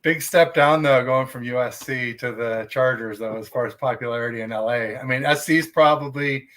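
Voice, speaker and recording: A man co-hosting a podcast, chatting casually and chiming in with quick asides. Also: medium pitch, fairly bright tone. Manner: conversational, chimes in with quick asides. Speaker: podcast co-host. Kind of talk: casual sports chat.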